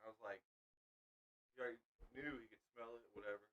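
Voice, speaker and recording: A man's voice: medium pitch, steady tone, fast talker, fairly bright tone, dull audio. Laid-back man telling a story. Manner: laid-back, laughs while talking. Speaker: guest. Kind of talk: casual storytelling. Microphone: shared handheld microphone.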